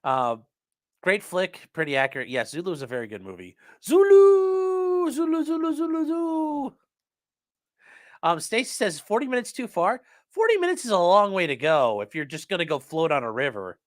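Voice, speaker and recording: On a casual livestream, a man jokes around and rambles while reading viewer comments aloud from the chat. His voice is fairly high and fairly bright, and he talks fairly quickly with a very animated delivery.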